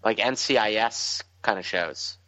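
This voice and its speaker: A man co-hosting a casual comics podcast, speaking in a measured, informative way. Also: fairly low pitch, bright, forceful tone, dry recording, highs cut off. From United States. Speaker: podcast co-host. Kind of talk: casual chat about comics.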